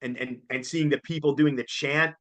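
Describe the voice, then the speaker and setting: A man, chatting casually as co-host, excitable and jokey and laughing often. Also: medium pitch, normal speed. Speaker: co-host reviewing a concert. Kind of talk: casual chat.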